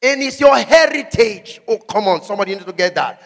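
A man preaching a sermon, asking the congregation questions and shouting out scripture. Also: sits high, very animated, brisk, big-room sound. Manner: emphatic call-and-response preaching, shouting scripture.

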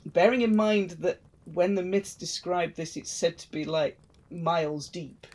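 A woman's voice: on the low side, a little slow, darkish tone, poor audio. A woman hosting a podcast, retelling a myth in a chatty, wry way. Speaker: podcast host.

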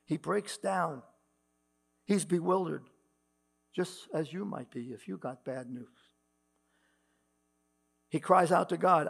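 Gravelly-voiced man preaching a sermon. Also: on the high side. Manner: preaching with rising emphasis, reading scripture aloud. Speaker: pastor. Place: church. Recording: mains hum in the background.

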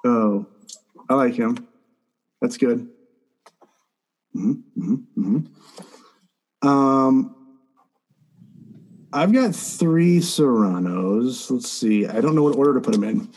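A man co-hosting a casual podcast chat, animated and teasing, laughing often. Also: medium pitch, slow pace, pauses often, husky. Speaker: podcast co-host.

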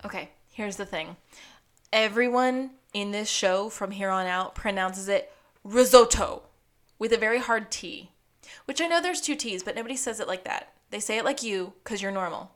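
A woman's voice: medium pitch, moderate pace. Wry woman co-hosting a recap. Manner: wry, animated storytelling with frequent laughs. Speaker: podcast co-host. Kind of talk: casual recap chat.

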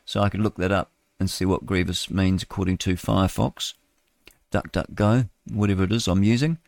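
A man's voice: deep voice, steady tone, normal speed, vocal fry, darkish tone, dry recording, clean studio sound. A male radio host with a New Zealand accent, reading the news casually with stumbles and chatty asides.

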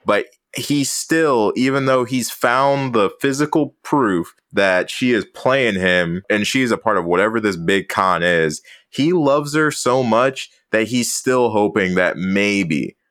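A man co-hosts a casual film podcast in a low voice with a dry, close sound. He talks earnestly and at length about a scene and swears casually along the way. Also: animated, slow pace, hardly any pauses, a bit bright, no room sound. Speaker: podcast co-host.

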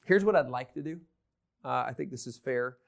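A man teaching a Bible lesson, excitable, swinging between loud emphasis and hushed asides. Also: medium pitch, fairly quick, gravelly.

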